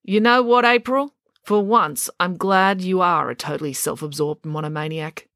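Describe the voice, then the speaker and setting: A woman's voice: lowish voice, normal speed, fairly bright tone, no echo, clean studio sound. A woman voicing a sulky, jealous teenage boy who grumbles a lot.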